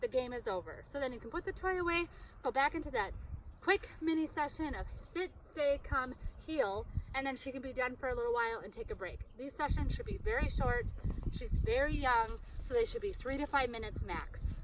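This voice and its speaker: A woman's voice: high voice, lively intonation, brisk. A woman demonstrating dog training, coaxing commands to her dog between upbeat explanations. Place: outdoors with a dog. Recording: distant mic, loud outdoor noise.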